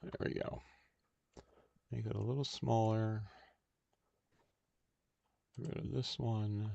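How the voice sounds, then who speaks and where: A man hosting a casual livestream, thinking aloud in a halting, unhurried way while he works on cards. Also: lowish voice, flat delivery, vocal fry, mellow, lo-fi sound. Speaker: stream host.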